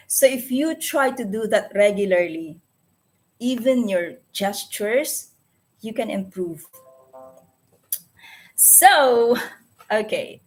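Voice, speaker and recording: Woman, Filipino accent, unhurried delivery, hesitant and self-correcting, casual to-camera vlog. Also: fairly high pitch, animated. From Philippines. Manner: hesitant, searching for words with many restarts. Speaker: vlogger.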